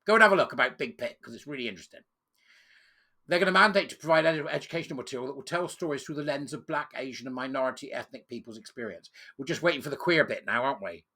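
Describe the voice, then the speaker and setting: A man's voice: mid-range voice, quick pace, sharp tone. A British man reading out a policy report and breaking off into sarcastic, scornful commentary. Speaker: political commentator. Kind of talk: reading news and ranting commentary.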